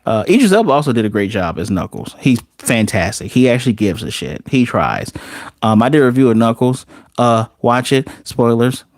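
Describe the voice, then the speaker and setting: Male movie reviewer, middle pitch, snarky and animated, dry close mic. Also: normal speed, dry recording. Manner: sarcastic, animated, swears. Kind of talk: casual ranting commentary.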